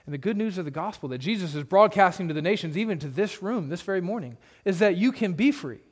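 A man preaching a sermon in a church, earnest and emphatic, often dropping to a low hush for emphasis. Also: lively intonation, fast talker, husky. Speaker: pastor.

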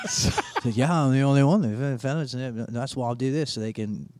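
A man chatting as a podcast guest, telling animated stories and acting out the dialogue. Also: mid-range voice, normal speed, dry recording. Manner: animated storyteller who acts out dialogue. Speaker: podcast guest, tribute band singer. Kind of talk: casual chat.

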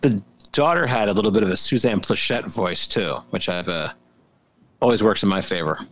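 A man's voice: fairly low pitch, brisk, a bit bright. A man co-hosting a podcast, chatting casually about a movie with hesitant restarts. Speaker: podcast co-host.

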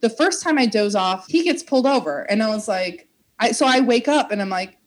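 A woman's voice: a little high, fairly quick. A woman, telling a long story in casual chat, acting out quotes and swearing as she goes. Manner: animated, acts out quotes, swears, laughs. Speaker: podcast co-host.

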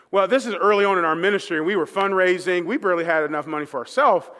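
Male pastor preaching, casual storyteller who acts out quotes, bright forceful tone, long hall reverb. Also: high voice, quick pace, few pauses. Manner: conversational storyteller acting out quoted voices. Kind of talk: sermon storytelling.

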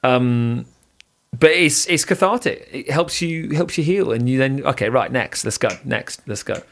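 A man co-hosting a podcast in loose, casual chat. He sounds enthusiastic and laid-back, dropping surfer slang as he talks. His voice sits at a middle pitch for a man. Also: a little slow. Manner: calm guided breathing instructions. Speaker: podcast co-host.

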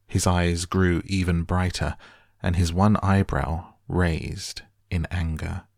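A man narrating an audiobook in a wry, measured storytelling manner. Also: sits low, flat delivery, vocal fry, darkish tone, dry recording, clean studio sound.

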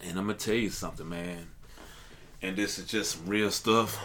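A man's voice: sits low, steady tone, normal speed, a bit bright, a little hiss or hum. A man and aspiring stand-up comedian in a casual podcast chat, talking earnestly and with a motivational drive, and often saying "let me tell you.".

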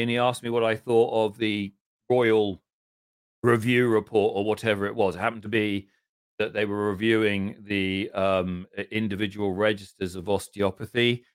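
A middle-aged man from southern England with an English accent, a podcast guest telling long, self-deprecating anecdotes in casual conversation and often clearing his throat. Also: lowish voice, fairly bright tone, no echo, clean studio sound. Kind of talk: casual interview storytelling.

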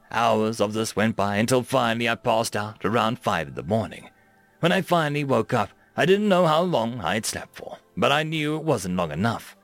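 A young man reads a fantasy story aloud in an animated way, acting out the lines. His pitch moves a lot, and his voice has a gravelly grain. The recording is dry and close. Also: no room sound. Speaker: narrator.

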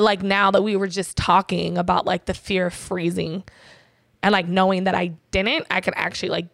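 A woman's voice: mid-range voice, fairly bright tone, dry recording, studio quality. A woman in an interview, candidly telling a personal story in blunt, profane talk full of fillers. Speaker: interview guest.

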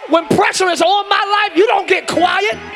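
A man preaching at full cry from a church pulpit, his voice strikingly high and gravelly, worn hoarse from screaming. He drives his sermon with rhythmic, repeated calls to the congregation while a band plays clearly behind him on a live church recording. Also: moderate pace, shouting, a crowd in the background. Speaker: pastor. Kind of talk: shouted Pentecostal-style sermon. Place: large church sanctuary. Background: church band music.

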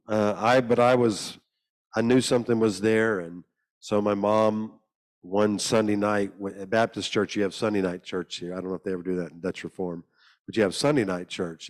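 Lively, joking preacher man. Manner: humorous, acts out the people he quotes in higher voices. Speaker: guest preacher. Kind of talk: storytelling sermon. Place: church hall.

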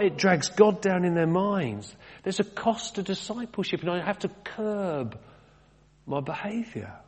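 A middle-aged British man, a vicar preaching a sermon in a chatty, conversational way, throwing in rhetorical questions and wry asides about himself. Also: high voice. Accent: British English. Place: church. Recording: long church reverb.

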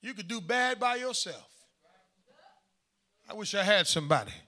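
A man preaching a sermon in a church, with emphatic call-and-response delivery that swings from shouted lines to quiet asides. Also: high-pitched, animated, moderate pace.

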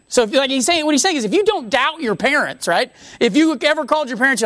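Animated woman preaching in a conversational way. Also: sits high, fast talker, few pauses, no echo, studio quality. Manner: animated, conversational, with many restarts and self-interruptions. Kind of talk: sermon teaching on scripture.

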